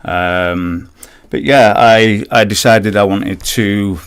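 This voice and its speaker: A man in his forties speaks with a Yorkshire accent and a fairly low voice. He answers radio interview questions in a loose, chatty way, often restarting his sentences and reaching for words with fillers. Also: fairly even intonation, slow, clean tone. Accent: Yorkshire English. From Yorkshire, England. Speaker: guest, personal trainer.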